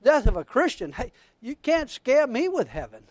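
Fervently preaching, a pastor calls out to his congregation while reading scripture with rising excitement. He has a very high-pitched voice at normal speed, captured in a dry recording.

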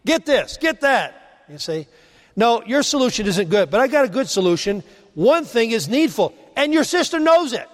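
A man preaching a sermon, rising to emphasize points and dropping low and quiet on key phrases. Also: big pitch swings, moderate pace, in a large hall.

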